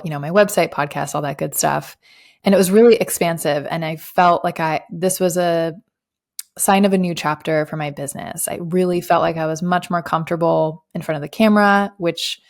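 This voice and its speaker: Woman, lowish voice, podcast guest, casual chat, reflective storytelling, lots of fillers. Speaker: guest, business coach.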